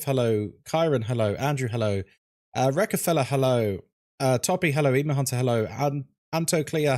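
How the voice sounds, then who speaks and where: A man hosting a casual live stream of a horror game, greeting viewers one by one with quick jokes. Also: mid-range voice.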